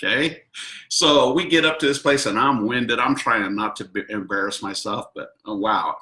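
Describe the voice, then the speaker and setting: A man's voice: mid-range voice, normal speed, pushed and bright, roomy sound. A man hosting a video, telling a personal story casually and animatedly, acting out quotes and laughing often. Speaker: host.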